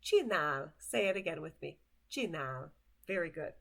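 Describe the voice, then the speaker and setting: A woman's voice: low-pitched, expressive, moderate pace, creaky, fairly bright tone. A woman teaching vocabulary in a patient way, repeating each word and asking the listener to say it with her. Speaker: language teacher. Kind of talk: slow vocabulary lesson.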